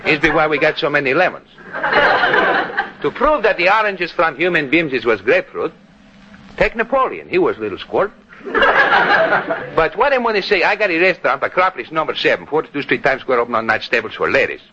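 A comic Greek restaurant owner from 1930s vaudeville, boasting in broken English with a thick put-on Greek accent. The voice rides high and swings widely. It sits under loud hiss on a dull, scratchy old radio recording. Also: male voice, big pitch swings, fairly quick, pauses often. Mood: boastful. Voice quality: garbled broken English, malapropisms. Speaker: comic dialect monologue. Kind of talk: 1930s vaudeville dialect comedy.

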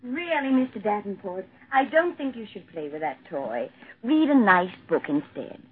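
A woman playing a brisk, scolding nurse. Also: mid-range voice, big pitch swings, lightly acted. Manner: firm, scolding. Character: brisk, firm private nurse. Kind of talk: vintage radio drama acting. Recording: tinny old radio broadcast.

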